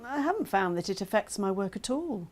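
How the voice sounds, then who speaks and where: A woman's voice: mid-range voice, big pitch swings, fairly quick. An actress playing a chatty woman with mild hearing loss who talks about it frankly and with humour. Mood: candid. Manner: chatty, self-deprecating, laughing. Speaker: actor voicing a woman's testimony. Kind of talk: scripted testimony monologue.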